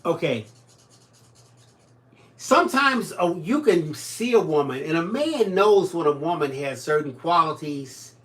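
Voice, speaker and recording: A man whose voice runs a little high keeps a measured pace while co-hosting a crafting livestream at home. He jokes, teases, and spins animated stories as he reads viewer comments aloud in laid-back chat.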